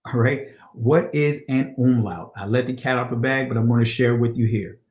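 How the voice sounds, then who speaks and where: A man's voice: mid-range voice, fairly even intonation, moderate pace, a little mellow, roomy sound. A man teaching a scripture study lesson on ancient Hebrew, reading passages aloud and checking in with "all right?" and rhetorical questions.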